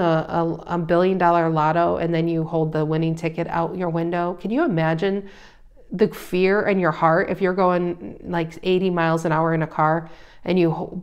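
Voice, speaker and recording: A woman giving a casual tarot reading, emphatic and animated, her voice rising loud and dropping soft. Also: on the low side, moderate pace, clear, resonant tone, highs cut off. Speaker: tarot reader.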